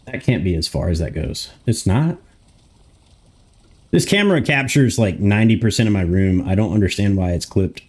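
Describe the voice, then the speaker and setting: A man's voice: lowish voice, expressive, normal speed, a little mellow, slightly rough. A young man live streaming from a room in his home, chatting casually, grumbling to himself and swearing often.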